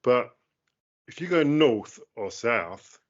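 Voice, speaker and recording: A man's voice: mid-range voice, animated, takes it slowly. Londoner man in casual chat. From London, England. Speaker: guest. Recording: dull lo-fi call audio.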